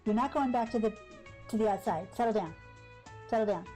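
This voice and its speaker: A woman streaming a cozy game talks in a loose, rambling way, jumping between the game and her day. Her voice sits a little high. Soft music plays faintly behind her. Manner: chatty and rambling, quick asides and laughs. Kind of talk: casual live-stream chat while gaming.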